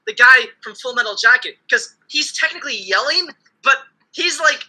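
A woman in a casual podcast discussion who tells stories in a quick, mocking way. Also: sits high, animated, bright, forceful tone, slightly rough, rough recording.

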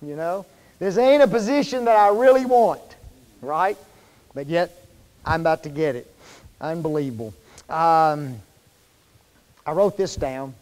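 A man preaching a sermon to his congregation in a folksy, conversational way, often pausing to quiz them with fill-in questions. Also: fairly high pitch, a little mellow. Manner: folksy, informal wording. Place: church sanctuary. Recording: long reverb of a church hall.

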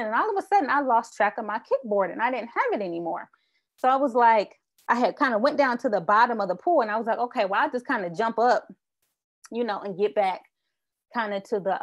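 A young woman giving a sermon built on a personal story, repeating short refrains for emphasis. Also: medium pitch. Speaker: speaker.

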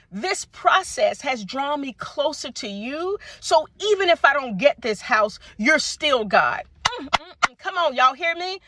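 A middle-aged woman, telling her faith testimony to viewers in an animated, preacher-like way and calling them y'all. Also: sits high, no echo. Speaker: vlogger sharing a faith testimony. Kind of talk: casual testimony talk to viewers. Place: outdoors at sunset.

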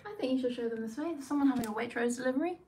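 A woman speaking from off camera in a flat, her voice fairly high and her words coming fast. She drops in short, teasing remarks. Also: slight background noise. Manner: quick teasing interjections. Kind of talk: casual chat, chiming in off camera. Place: home flat, indoors.

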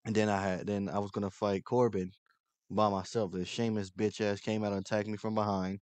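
A man's voice: fairly low pitch, little pitch movement, brisk, a little mellow, dry recording. A young man commentating his own gameplay, angry and frustrated, swearing constantly. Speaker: gaming channel host.

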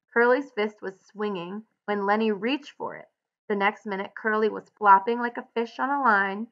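Woman teacher, read-aloud with clear explanatory annotations, slightly muffled recording. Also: medium pitch, fairly bright tone.

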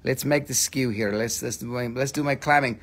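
A man's voice: medium pitch, fairly even intonation, a little fast, a bit bright. A man casually hosting a live mineral sales stream, swearing and joking as he rambles. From Appalachian Valley, USA.

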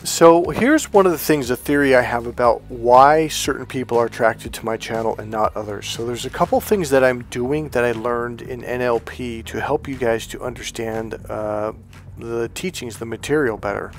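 A man hosting his own channel as a self-help coach, talking to camera in a relaxed, rambling way that keeps checking in with "okay?". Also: mid-range voice, moderate pace, soft background music. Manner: rambling and conversational, with restarts and "okay?" check-ins; calm, relaxed, comfortable delivery. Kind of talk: casual direct-to-camera talk.

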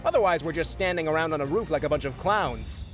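A man voicing a theatrical, manic male clown villain with a high, crooning, gleeful delivery. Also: fast talker, fairly bright tone, soft background music, close to an everyday voice. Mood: flustered.

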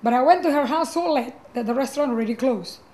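A middle-aged woman pastor with a high voice tells her own story. She speaks animatedly, often restarting her sentences and acting out what others said. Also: fast talker. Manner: animated, acts out quoted voices, frequent restarts. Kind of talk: personal testimony storytelling.

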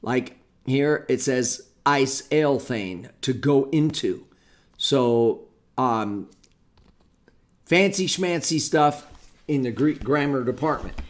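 A man's voice: mid-range voice, lively intonation, takes it slowly, pauses often. A man teaching an informal Bible study lesson on Greek grammar, explaining step by step and muttering to himself as he hunts through a book. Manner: rambling, talks to himself while hunting through a book.

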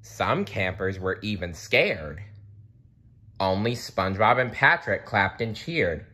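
A man reading a children's picture book aloud, expressive, with slips he corrects. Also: deep voice, slow pace. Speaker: storybook reader.

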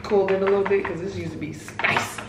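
A woman's voice: medium pitch, fairly even intonation, fast talker, over loud music. Chatty young woman vlogging in a roomy space. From United States. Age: 20s. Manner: chatty, playful, laughs often. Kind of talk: casual vlog chat. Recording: roomy with clear background noise.

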